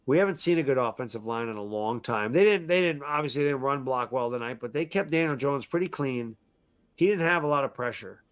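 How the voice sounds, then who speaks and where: A man's voice: mid-range voice, lively intonation, a little fast. A middle-aged man and football fan giving a frustrated, emphatic post-game rant, repeating himself often. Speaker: sports fan commentator.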